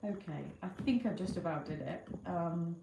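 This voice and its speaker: A woman chatting casually to viewers during a live stream while she draws, muttering to herself and greeting them brightly. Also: lowish voice, moderate pace. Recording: echoey room with clear background noise.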